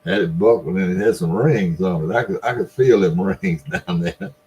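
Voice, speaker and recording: A man's voice: low voice, animated, moderate pace, gravelly, darkish tone. A man in his seventies with a Mississippi Delta Southern accent, telling a long story in a folksy way and laughing between lines. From Mississippi Delta, USA. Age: 70s. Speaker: vlogger. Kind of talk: casual storytelling.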